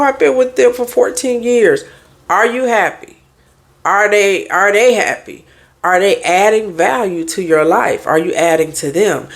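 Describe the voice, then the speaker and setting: A woman speaking as a therapist and life coach in a relaxed podcast monologue. Her voice sits a little on the low side. She talks frankly and conversationally, stacking up rhetorical questions.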